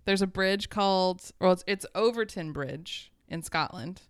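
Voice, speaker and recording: Low smooth-voiced woman podcast host. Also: unhurried, dry recording, studio quality. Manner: joking, swears casually, tells the story. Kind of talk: casual chat.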